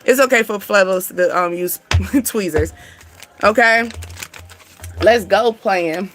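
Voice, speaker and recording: A woman's voice: mid-range voice, slow, slight background noise. A woman giving a casual spiritual reading to her viewers, chatty and slangy, laughing often and talking straight to them. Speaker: spiritual reader and channel host.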